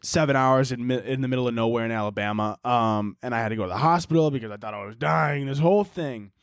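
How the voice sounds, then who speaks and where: A man's voice: mid-range voice, quick pace, smooth, no echo, clean studio sound. A man hosting a casual solo podcast, rambling and swearing, often laughing and mocking things in silly voices. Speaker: podcast host.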